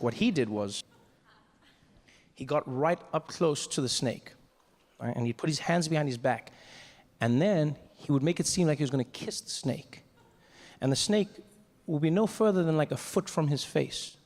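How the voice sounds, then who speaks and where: A man telling a stand-up comedy story, lively and animated, acting out the other people in it with big jumps in pitch. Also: long reverb tail.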